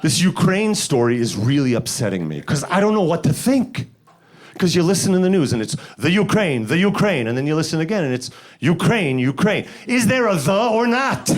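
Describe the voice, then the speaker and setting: A man from the Bronx doing a stand-up set, deadpan setups that jump to loud high voices for punchlines. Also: fairly quick. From the Bronx, New York. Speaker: stand-up comedian. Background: audience laughter.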